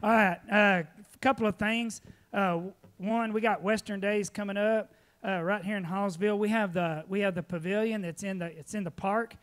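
A man preaching at a church, telling folksy stories with lively laughter, then giving announcements. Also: sits high, normal speed. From Texas. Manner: folksy storytelling, animated, laughing often. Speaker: pastor.

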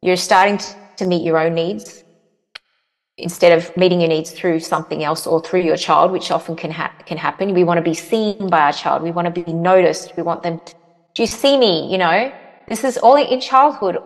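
A woman's voice: lowish voice, moderate pace. A woman guest answering interview questions earnestly, often repeating phrases for emphasis. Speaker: parenting guest. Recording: long reverberant echo.

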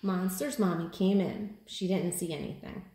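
A woman teacher reading a children's picture book aloud, with animated storytelling. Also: fairly low pitch, normal speed, reverberant. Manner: animated storytelling, lifting her voice for the children's cries. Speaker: kindergarten teacher.

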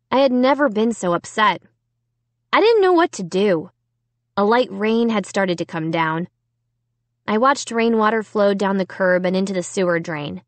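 A woman narrating a children's horror story in the first person with a dramatic, expressive reading. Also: medium pitch, no echo. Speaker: audiobook narrator.

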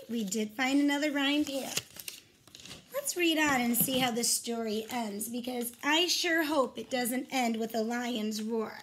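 Speaking straight to young children with warm encouragement, a woman teacher reads a picture book and teaches rhymes as a phonics lesson. Her voice is a little high, with slight hiss or hum in the background.

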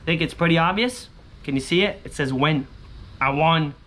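A young man chatting through a scratch-off lottery vlog, repeating catchphrases and breaking into high excited yells. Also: moderate pace. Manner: bursts into high shouts and sing-song yells when winning; chatty, repeats catchphrases like "holy smokes" and "booyah". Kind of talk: casual excited vlog commentary.

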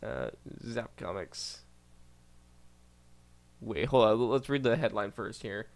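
Guy youtuber reacting to stuff, reads posts out loud, stumbles a lot, gets all wow and disbelieving. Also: on the low side, takes it slowly, gravelly, pauses often. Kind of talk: casual reaction commentary.

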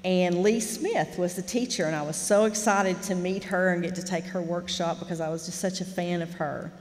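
A woman's voice: lowish voice, normal speed. Folksy woman in a reverberant hall. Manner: folksy, animated, candid storyteller. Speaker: writer teaching a fiction master class. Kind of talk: storytelling lecture.

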